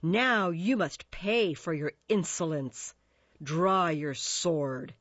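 A harsh young swordsman who sneers and threatens, as a woman reading a story puts him on. He speaks with deliberate, jeering menace. The recording is dry and a little dull. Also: on the low side, fairly bright tone, dry recording. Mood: menacing.

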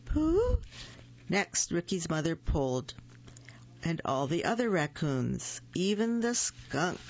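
Slow gentle reader doing kids' picture books aloud, unhurried, kinda muffled lo-fi recording. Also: mid-range voice, creaky. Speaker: storyteller. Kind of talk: storybook reading aloud.

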